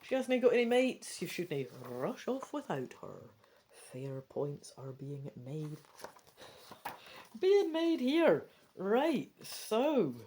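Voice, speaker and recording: A woman with a Scottish accent reads a choose-your-own-adventure book aloud in a casual read-through. Her pitch sits in an ordinary middle range but swoops up and down with lots of life. She keeps breaking off from the text into quick, chatty asides. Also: sing-song, warm tone, a little hiss or hum. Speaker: gamebook reader.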